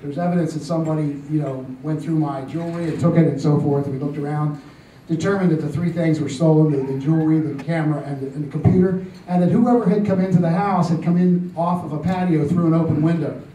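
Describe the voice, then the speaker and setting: An older man telling a story to a congregation, halting with many fillers and restarts and a gently amused tone. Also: a little high, fairly even intonation, distant mic. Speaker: church speaker telling a testimony. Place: church hall. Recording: roomy church recording from off-mic with faint ambience.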